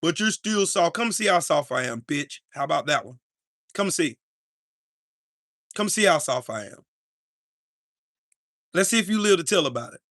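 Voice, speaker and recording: A man's voice: on the high side, lively intonation, moderate pace, pauses often, a bit bright, no room sound, clean studio sound. A man hosting a live-streamed podcast, ranting in an angry, profane and confrontational way. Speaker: podcast host.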